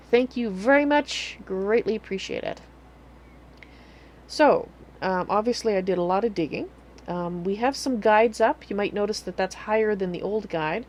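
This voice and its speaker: A woman streams a game live, chatting casually and rambling, often correcting herself as she goes. Her voice is medium in pitch with a darkish tone, and a little hiss or hum sits under the audio.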